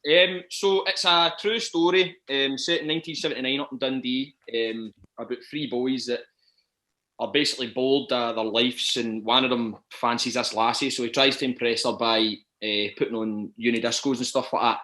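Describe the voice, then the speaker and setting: A Scottish man talking in a relaxed podcast chat, his voice bright and forward. He hesitates a lot, with ums and restarts as he finds his words. The room sounds echoey. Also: mid-range voice, normal speed. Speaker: actor and podcast guest. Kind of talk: casual chat.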